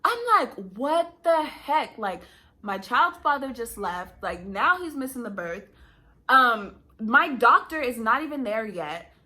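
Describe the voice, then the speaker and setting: A woman vlogger telling a story casually, laughing often and acting out what people said. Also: measured pace. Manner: animated, laughing, acts out quotes in high pitch.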